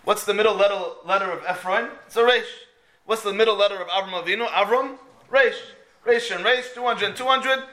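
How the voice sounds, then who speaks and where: A man's voice: high-pitched, a little fast. A man giving a storytelling Torah talk, asking and answering his own questions. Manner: animated, asks and answers his own questions, mixes in Hebrew phrases. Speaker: Torah teacher.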